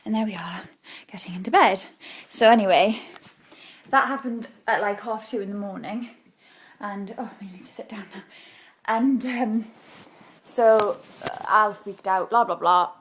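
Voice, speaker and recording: A young British woman telling a story in a casual home vlog, chatty and animated, acting out what she said. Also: mid-range voice, a little slow. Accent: British English. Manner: chatty, animated, acts out her own past words. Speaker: vlogger. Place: home, indoors.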